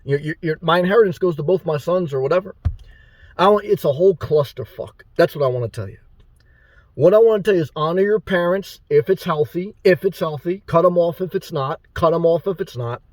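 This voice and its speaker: A man's voice: a little high, brisk, a little mellow, no room sound. A man giving a rambling, blunt and profane monologue to his viewers as a motivational YouTuber.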